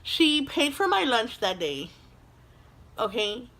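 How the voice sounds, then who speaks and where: A woman's voice: on the high side, sing-song, slow, sharp tone. A young woman vlogger telling a storytime tale in a chatty, dramatic way, filling her talk with "like", recorded on a phone camera at home. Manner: dramatic, chatty, says "like" constantly. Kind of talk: storytime vlog.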